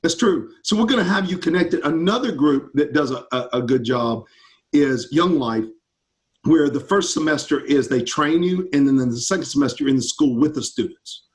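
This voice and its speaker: A man's voice: fairly high pitch, expressive, moderate pace. A man, a campus ministry pastor answering students' questions in an enthusiastic, upbeat casual chat over a video call.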